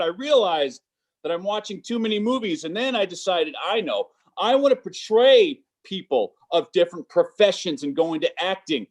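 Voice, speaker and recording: Male stand-up comic on a video call; high voice, halting delivery, lots of ums. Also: expressive. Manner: halting, stammering delivery with many fillers. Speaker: stand-up comedian. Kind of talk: stand-up set on a virtual show. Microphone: computer mic on a video call.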